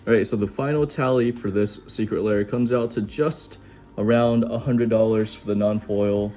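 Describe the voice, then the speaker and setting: Man, young adult, unboxing host, casual chat, enthusiastic, lowish voice, faint background music. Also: normal speed. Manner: relaxed, chatty, enthusiastic. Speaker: card-opening host.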